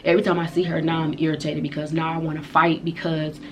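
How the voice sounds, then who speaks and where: A woman vlogger telling a story in casual slang, animated and profane. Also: sits low, quick pace, a little hiss or hum. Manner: animated, profane retelling of a fight. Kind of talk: storytime vlog.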